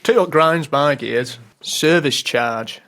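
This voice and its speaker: A man's voice: on the high side, takes it slowly, fairly bright tone. A man, co-hosting a podcast and telling stories about pet peeves in casual chat. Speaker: podcast co-host.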